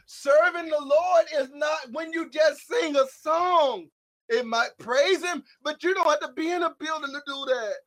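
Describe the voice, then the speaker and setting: Man preaching, very high-pitched, loud emphatic delivery with sudden quiet drops. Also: a little slow. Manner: shouting emphatic lines, swinging between loud and hushed; calls out to listeners by name. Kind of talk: sermon.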